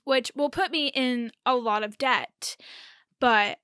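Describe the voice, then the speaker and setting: A woman's voice: a little high, slow pace, sharp tone, smooth, no room sound, studio quality. A young woman hosting a podcast, talking casually and hesitantly with many fillers. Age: young adult. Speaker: podcast host. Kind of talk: casual chat.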